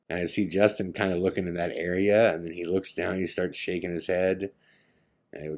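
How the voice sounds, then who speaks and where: In a dramatic storytelling piece, a man from California who hosts a podcast vividly recounts a ghost story he lived through, voicing both himself and the others involved. He speaks at a moderate pace in a deep, steady, slightly mellow voice.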